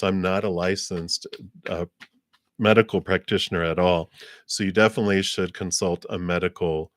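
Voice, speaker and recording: Low-voiced man reading tarot cards live. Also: no room sound, studio quality. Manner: rambling, loose, many ums and "you know"s; breaks into little laughs, acts out quoted reactions. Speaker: tarot card reader. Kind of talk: live-stream card reading.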